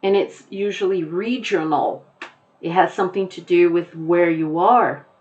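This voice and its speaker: A woman with an American accent teaching a lesson, explaining deliberately and repeating her key points. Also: fairly low pitch, a little mellow, highs cut off.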